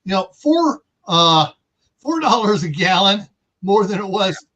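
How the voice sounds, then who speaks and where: A man's voice: high-pitched, very animated, measured pace, a bit bright, lo-fi sound. A man from California hosting a casual livestream chat, rambling with sarcastic asides. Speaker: host.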